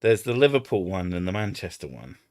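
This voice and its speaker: A low-voiced man with an Edinburgh Scottish accent hosts a live stream, his pitch swinging widely as he talks a little fast in a darkish tone. The studio sound is clean with no echo. He rambles casually, swears, and tries out silly impressions.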